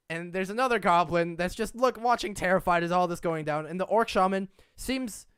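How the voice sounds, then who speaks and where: A man's voice: high voice, normal speed, a bit bright, clear, resonant tone, no room sound. Brief: playful male game master, rambling narration, dry recording.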